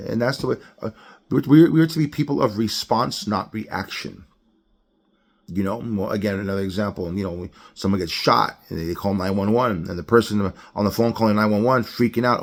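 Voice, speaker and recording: A man giving an informal devotional sermon, talking conversationally, often repeating and restarting words and acting out short panicked voices. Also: lowish voice. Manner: conversational, acts out panicked voices in quick asides. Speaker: preacher.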